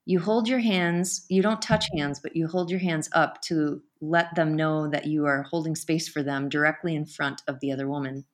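Low-voiced woman telling her story. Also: normal speed, few pauses. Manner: emotional, animated storytelling with laughs. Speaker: podcast guest. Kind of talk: personal storytelling interview.

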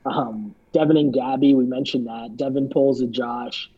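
A man's voice: mid-range voice, steady tone, normal speed, mellow, breathy edge. A man co-hosting a podcast, chatting casually about a reality show in a loose, filler-heavy way. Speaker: podcast co-host. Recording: dull lo-fi sound.

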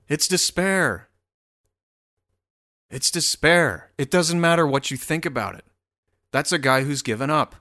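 A man's voice: on the high side, sing-song, measured pace, long pauses, sharp tone. A man giving casual, profane commentary while scrolling through posts, rambling and mocking.

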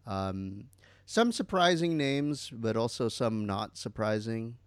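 A man's voice: lowish voice, expressive, slow pace, clear, resonant tone, no room sound, studio quality. A man co-hosting a podcast, casually reading out a list and joking. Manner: reads from a list, light joking. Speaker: podcast co-host. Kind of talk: casual chat.

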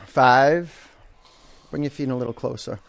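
A man's voice: mid-range voice, moderate pace, creaky. A man leading a live yoga class, calling out poses, counting down holds and teasing and joking with his students in a studio. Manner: coaching, counts aloud, jokes and teases the class. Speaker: yoga instructor.

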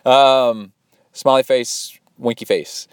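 A man's voice: mid-range voice, fairly even intonation, takes it slowly, clear, resonant tone, dry recording, clean studio sound. A man hosting a podcast and coaching triathletes, chatting casually in a rambling, upbeat way with lots of fillers. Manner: rambling and upbeat, many fillers, mimics watch beeps. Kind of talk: casual chat reading listener donations.

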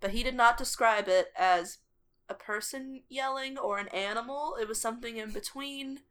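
A woman co-hosting a podcast, telling a story in casual chat, animated and laughing often. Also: a little high, normal speed. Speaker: podcast co-host.

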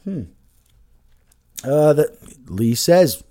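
A profane man hosts a comedic news read, his voice mellow and dark. His pitch swings widely between sarcastic asides, and he keeps mumbling half to himself between lines. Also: big pitch swings, moderate pace. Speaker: host reading news stories. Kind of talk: casual comedic news commentary.

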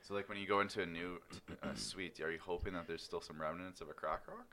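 A man in a casual podcast chat, making dry deadpan jokes in a low-key delivery. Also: quick pace.

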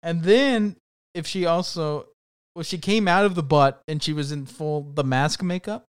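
A man with a smooth, clear voice sitting a little above the usual male pitch. He riffs through a casual comedic podcast chat, stacking joke on joke and breaking into laughs. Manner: riffing, quick jokes, frequent laughs. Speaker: podcast co-host.

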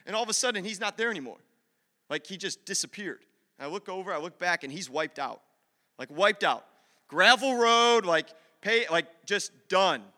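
A man preaching to a room, telling an animated personal story and acting out the voices of the people in it. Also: high-pitched. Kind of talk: storytelling sermon. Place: large hall with an audience. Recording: long hall reverb.

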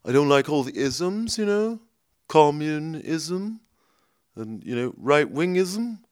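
A man's voice: a little high, big pitch swings, takes it slowly, a little mellow, clean tone, no room sound, clean studio sound. A man doing a rambling, earnest talking dog. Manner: rambling, hesitant with many ums. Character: opinionated male dog, chatty and earnest.

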